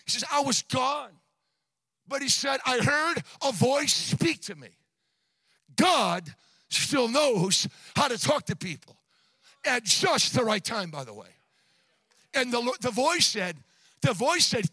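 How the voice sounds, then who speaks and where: A man preaching a sermon in a shouting, sing-song cadence, repeating words as he tells a story. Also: extremely high pitch, sing-song, normal speed, husky, no room sound. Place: church.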